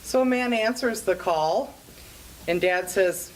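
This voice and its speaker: Slow, amused woman telling a joke. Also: medium pitch, low-quality recording. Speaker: joke teller at a club event. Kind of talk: storytelling a comic joke.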